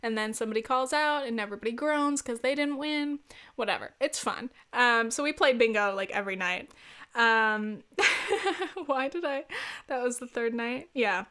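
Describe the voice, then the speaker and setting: A woman hosts her own podcast, telling stories in a loose, chatty way. She laughs easily and swears casually, and her voice sits a little high. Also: normal speed, a bit bright, clear, resonant tone. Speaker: podcast host. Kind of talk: casual solo podcast storytelling.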